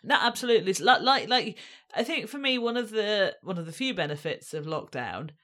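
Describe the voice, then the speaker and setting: A person co-hosting a casual podcast, relaxed and playful, teasing the other host. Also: mid-range voice, fairly quick.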